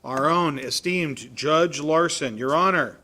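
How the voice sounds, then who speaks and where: A male mayor chairs a city council meeting, reading agenda items and calling votes briskly. His voice is bright and forward, pitched a bit high. He keeps a light, joking edge. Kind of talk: formal meeting procedure. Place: council chamber.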